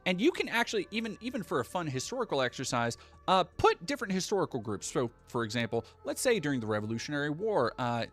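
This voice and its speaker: A man from New England talks through a live stream, swearing freely as he rants. His pitch leaps and swoops as he gets worked up. Faint music sits under his voice. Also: sing-song, quick pace, hardly any pauses, a bit bright. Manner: profane, heated, ranting.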